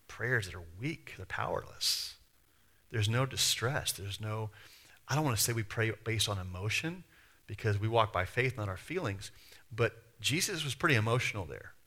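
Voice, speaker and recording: Bright-voiced man preaching conversationally. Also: medium pitch. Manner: conversational preaching full of rhetorical questions, acts out quotes. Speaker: pastor. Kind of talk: sermon.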